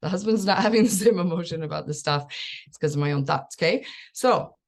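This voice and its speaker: A life coach in her thirties gives parents a casual, chatty talk, laughing often and acting out the voices of people she quotes. Her voice is fairly low and fairly quick.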